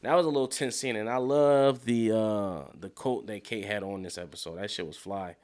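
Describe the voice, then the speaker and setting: A man casually recapping a TV episode, animated and slangy, with frequent swearing and acted-out character lines. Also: on the low side, normal speed. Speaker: TV show recap commentator.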